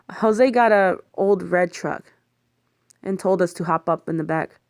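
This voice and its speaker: A woman's voice: fairly low pitch, measured pace, no room sound, studio quality. A woman reading a first-person thriller audiobook aloud, voicing the other characters herself. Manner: lively, voices the other characters and swears in the heat of the story. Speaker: audiobook narrator. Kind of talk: first-person story narration with character voices.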